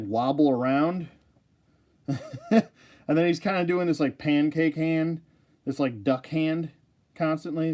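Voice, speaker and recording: A man's voice: mid-range voice, mellow. A man casually rambling about his toy collection, joking, laughing and losing his train of thought.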